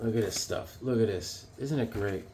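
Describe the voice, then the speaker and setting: A man's voice: on the low side, normal speed, noisy background. A man casually chatting as he shows off his comic book collection, rambling and enthusiastic. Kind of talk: casual show-and-tell chat.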